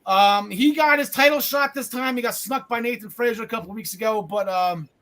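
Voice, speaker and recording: Male podcast host, high bright voice, jokey and rambling, loud then mumbling. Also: fairly quick. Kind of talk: casual podcast chat.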